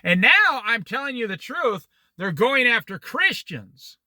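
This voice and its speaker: Teaching a Bible study, a man in his sixties speaks at a measured pace in a lively, swooping voice that is high for a man, very bright and cutting. He keeps drifting into opinionated, digressive stories told with animation, and the recording is dry with almost no room sound.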